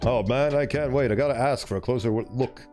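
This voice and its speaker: A man's voice: mid-range voice, fast talker, a little mellow, faint music behind. A man streaming a game, reading the story aloud and chatting playfully between lines. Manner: playful, chatty, self-interrupting. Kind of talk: let's play with reading aloud.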